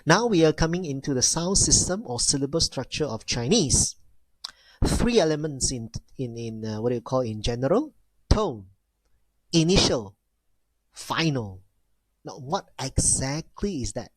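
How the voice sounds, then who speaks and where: Man, language teacher, unhurried, repeats himself, exaggerated tone demos, dry sound. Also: mid-range voice, lively intonation, no echo. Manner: repeats key phrases, addresses class as ladies and gentlemen; demonstrates tones with exaggerated sounds. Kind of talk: classroom lecture.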